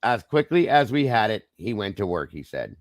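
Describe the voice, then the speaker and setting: A man with a fairly low, strained voice hosts a true crime livestream. He reads reports aloud and breaks in with casual asides to his viewers. The sound is dry and close. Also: very animated, moderate pace, no room sound. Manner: conversational, addresses viewers as guys, frequent okays and apologies. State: voice strained, trying not to lose it. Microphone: streaming microphone.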